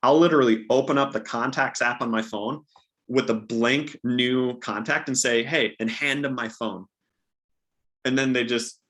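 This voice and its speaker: Bright-voiced young man giving upbeat sales tips. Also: mid-range voice, normal speed. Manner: upbeat, practical, acts out sample dialogues. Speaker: real estate agent, guest. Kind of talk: casual coaching talk.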